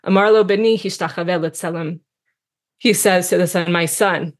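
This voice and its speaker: A woman's voice: fairly low pitch, moderate pace. A woman teaching a text study lesson, reading passages aloud and translating them line by line, then musing on them with fillers.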